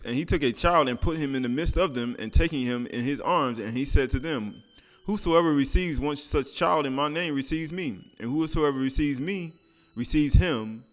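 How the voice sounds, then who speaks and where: A man preaching a sermon, reading scripture aloud and commenting in casual speech with laughs. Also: medium pitch.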